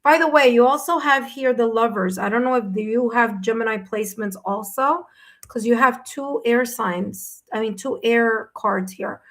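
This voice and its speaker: A woman doing a live tarot reading for viewers, her voice sitting a little on the high side. She talks in a gentle, reassuring way and keeps checking in with the listener as she goes. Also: moderate pace. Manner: gentle, reassuring, says "okay?" and "my dear" often. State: hiccups. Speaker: tarot reader.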